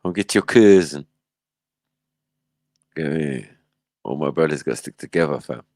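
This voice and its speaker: A man's voice: extremely low pitch, animated, normal speed, gravelly, darkish tone, no room sound. A man hosting a livestream, reacting in casual, slangy commentary and laughing often. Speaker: livestream host.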